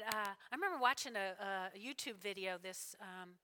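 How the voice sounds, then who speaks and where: A woman preacher with a high, bright, forceful voice delivers an animated sermon, circling back to her points and asking "all right?" again and again. Her voice rings out with a long reverb, as in a large church sanctuary. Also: moderate pace, hardly any pauses. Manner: animated, repeats lines, checks in with "all right?".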